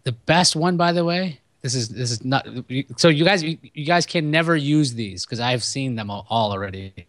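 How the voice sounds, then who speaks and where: A man co-hosting a podcast, chatting casually about movies in a rambling, profane, animated way. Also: mid-range voice, normal speed, no room sound, clean studio sound. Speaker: podcast co-host.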